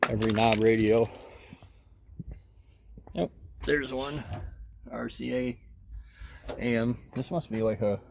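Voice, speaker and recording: A man's voice: mid-range voice, vocal fry, a little mellow, slight background noise. A man giving casual walk-around commentary at an outdoor junkyard, muttering running remarks to himself as he browses. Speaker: car hobbyist vlogger.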